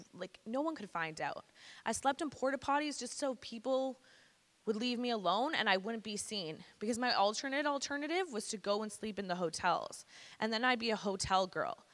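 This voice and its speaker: Bright-voiced woman speaker in an echoey hall. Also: a little high, lively intonation, moderate pace. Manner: candid, conversational, slangy. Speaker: guest speaker. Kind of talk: personal testimony to students. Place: school hall.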